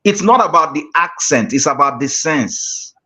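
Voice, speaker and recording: A man's voice: on the high side, animated, moderate pace, pushed and bright. A man, a guest speaker teaching an online class, talking emphatically and repeating his key phrases. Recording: dull lo-fi call audio.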